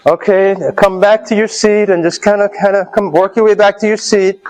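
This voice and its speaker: A man's voice: high voice, little pitch movement, normal speed, hardly any pauses, poor audio. A man leading a live health seminar, coaching his audience through an exercise and checking in with them as he goes. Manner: coaching, urging the audience on loudly. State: out of breath. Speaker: health speaker leading a workshop.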